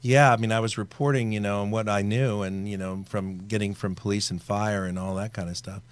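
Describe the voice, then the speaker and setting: A man's voice: fairly low pitch, fairly even intonation, a little fast. Talkative man with a trained announcer voice. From Virginia, USA. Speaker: guest. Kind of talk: casual interview chat.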